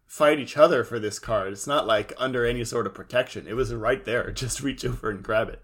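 A man's voice: medium pitch, brisk, fairly bright tone. A man from the Pacific Northwest co-hosting a podcast, recapping an episode in wry casual chat and quoting lines. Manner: wry, laughs often, quotes lines. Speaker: podcast co-host.

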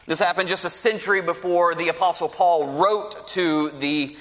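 A man preaching a sermon as pastor, with a lively storytelling manner and folksy asides. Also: high voice, moderate pace. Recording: preached in a reverberant hall.

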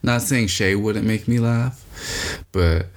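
A man co-hosting a casual chat, playful, firing off quick questions and laughing often. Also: fairly low pitch. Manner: playful, asks rapid-fire questions. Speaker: co-host.

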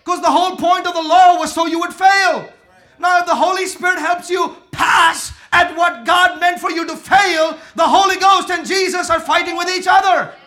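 A man preaching a sermon emphatically, using call and response, swinging between quiet talk and shouting. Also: very high-pitched, fairly even intonation, moderate pace. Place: church with congregation.

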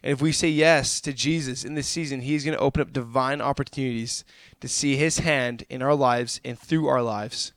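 A man's voice: mid-range voice, steady tone, moderate pace, fairly bright tone, no room sound, clean studio sound. A young adult man preaching a sermon, fervent and calling his listeners "guys".

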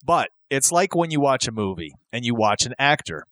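Excitable rambling man, dry close sound. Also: medium pitch, moderate pace, no echo. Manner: excitable, rambling, lots of fillers. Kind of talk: casual chat.

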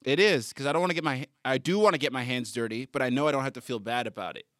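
A man's voice: medium pitch, rapid-fire, fairly bright tone, no room sound, clean studio sound. A young Canadian man hosting a casual podcast, joking, laughing often and swearing freely. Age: young adult. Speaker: podcast host. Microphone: studio mic.

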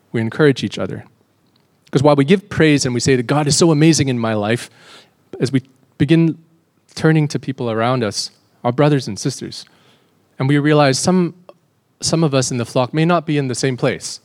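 A man's voice: medium pitch, animated, a little fast, darkish tone. A man preaching a sermon as a pastor, earnest, often repeating words and lifting his voice when he reads scripture aloud.

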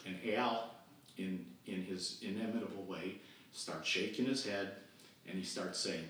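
A man's voice: deep voice, unhurried. A man in his sixties, a podcast guest, telling a childhood camp story and acting out the voices of the people in it. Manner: animated storyteller who acts out quoted voices. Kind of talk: storytelling interview. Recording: distant echoey remote recording with faint noise.

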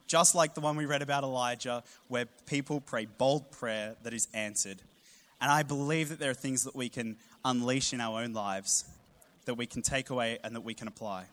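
A man, preaching a sermon with humorous storytelling and animated emphasis. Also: medium pitch. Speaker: pastor.

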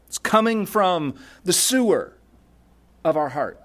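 A man's voice: sits high, animated, takes it slowly, fairly bright tone. A man preaching a sermon, emphatic, asking the congregation rhetorical questions and reading scripture aloud. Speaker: pastor.

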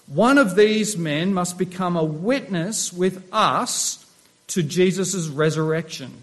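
A man with a high-pitched voice preaches a sermon to his congregation. He is a middle-aged pastor who keeps asking his listeners questions as he teaches from scripture. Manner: asks the congregation rhetorical questions.

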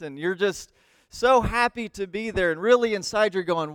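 A man in his thirties, a missionary preacher telling a lively story in a sermon and acting out the voices in it. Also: high-pitched, moderate pace, clean tone, no echo. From United States. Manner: animated, acts out voices in his stories.

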